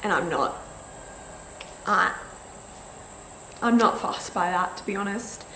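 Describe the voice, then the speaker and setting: A woman's voice: medium pitch, animated, takes it slowly, sharp tone, slight background noise. Young aussie woman yapping to camera, lots of likes, echoey room. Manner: chatty storytelling, many likes, acts out quotes. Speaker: vlogger. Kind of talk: casual chat to camera.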